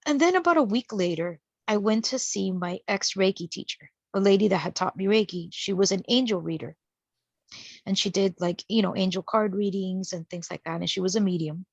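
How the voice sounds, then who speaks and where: A woman's voice: medium pitch, a little fast, gravelly, dry recording. A woman casually telling a personal story in a chatty way, acting out the people she quotes. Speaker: guest sharing a spiritual experience. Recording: dull, dry lo-fi sound.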